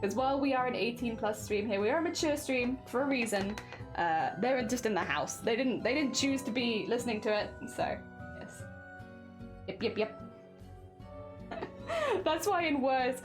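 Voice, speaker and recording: A chatty woman livestreamer in casual talk, giggling often and jumping between thoughts. Her voice sits a little high and swings lively up and down. Music plays clearly behind her. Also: moderate pace. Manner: chatty, giggly, talks over the clip. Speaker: craft streamer. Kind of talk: casual live-stream chat. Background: music playing.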